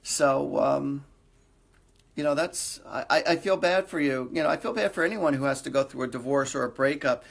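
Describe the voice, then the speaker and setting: A man's voice: mid-range voice, moderate pace, creaky. A middle-aged man, hosting a live psychic reading and passing on reassuring messages in an earnest voice that often repeats itself. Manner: earnest, reassuring, repeats phrases, jokes lightly. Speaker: psychic medium host. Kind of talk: live-stream reading for viewers.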